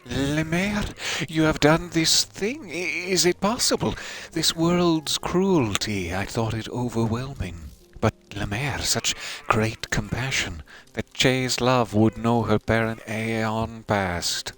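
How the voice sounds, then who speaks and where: Mournful old bug widow, read by a man, slow and trembling. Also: medium pitch, fairly bright tone. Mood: grieving, tender. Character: grieving ancient bug widow, sorrowful.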